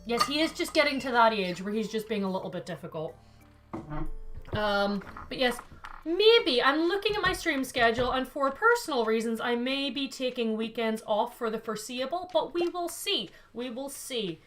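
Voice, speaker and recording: Bright-voiced woman streamer. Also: a little high, expressive, normal speed, soft background music. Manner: chatty and playful, laughs often, talks to her cat and chat. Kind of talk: casual gaming stream chat.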